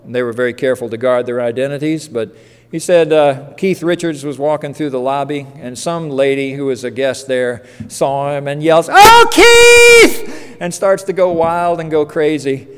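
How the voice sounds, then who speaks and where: A man's voice: medium pitch, normal speed, darkish tone, slight background noise. An older man preaching a sermon in a conversational, storytelling way, with casual asides. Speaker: pastor. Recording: long reverb of a church hall.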